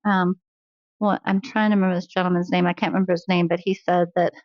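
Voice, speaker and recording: A woman's voice: fairly low pitch, flat delivery, quick pace, no echo. Earnest woman, dull lo-fi sound. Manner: earnest, laughs often while telling stories. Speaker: guest. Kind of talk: faith-based interview conversation.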